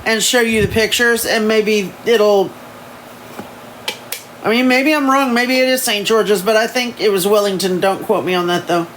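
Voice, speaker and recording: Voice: mid-range voice, normal speed, a bit bright, low-quality recording. Livestream host, casual chat, rambling, self-correcting, phone mic at home, faint hum behind. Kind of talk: casual live-stream chat and reading a novel aloud.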